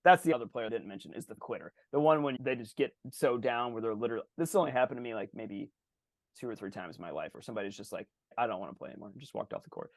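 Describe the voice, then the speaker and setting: Guy on a podcast talking fast and swearing a lot, doing little voices, super dry sound. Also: mid-range voice, no echo. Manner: animated, swears freely, acts out players' voices. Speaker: podcast co-host. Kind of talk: casual podcast chat.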